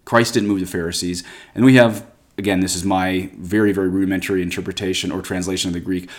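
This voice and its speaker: Earnest low-voiced priest preaching. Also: male voice, steady tone, fast. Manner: earnest, conversational, reads quotations aloud. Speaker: Catholic priest. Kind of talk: scripture commentary talk.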